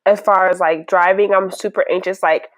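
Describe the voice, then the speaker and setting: A young woman hosting a podcast in casual chat, lively and quick to laugh, acting out what other people said. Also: lowish voice, no echo, poor audio. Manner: animated, laughs often, acts out what others said. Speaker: podcast host. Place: indoors, with family nearby.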